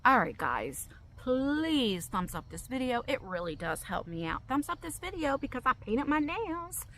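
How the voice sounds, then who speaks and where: Emotional, bright-voiced middle-aged woman vlogger. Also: sits high, sing-song, measured pace, poor audio. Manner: open, emotional, rambling with restarts. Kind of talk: emotional personal vlog.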